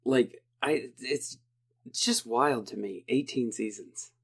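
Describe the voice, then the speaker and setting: A man's voice: medium pitch, slow pace, gravelly, fairly bright tone, slightly rough. A man chatting casually on a podcast. He rambles through jokes and stories and often breaks into laughter mid-sentence. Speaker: podcast regular. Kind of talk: casual chat.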